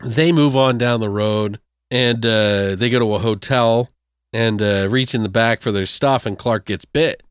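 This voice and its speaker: A man's voice: medium pitch, a little slow, smooth, no echo, studio quality. A man in casual chat, retelling a movie plot with lots of swearing and acting out the characters' lines. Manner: profane, animated, acts out characters' lines.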